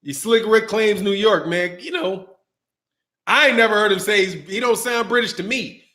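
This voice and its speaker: A man's voice: sits high, normal speed, bright, forceful tone. A man hosting a boxing channel, chatting casually on a livestream. He talks in slang, laughs often and rambles. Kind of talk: casual livestream chat reading super chats.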